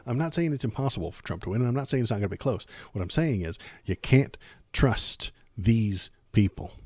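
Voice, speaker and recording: Sarcastic low-voiced male streamer. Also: a little mellow, dry recording. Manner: sarcastic, exasperated, repeats phrases for emphasis. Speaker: streamer host. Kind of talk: casual political commentary rant.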